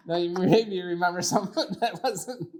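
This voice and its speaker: A man co-hosting a podcast, telling dating stories in casual chat. He swears and laughs through his own stories. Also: sits high. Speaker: podcast co-host.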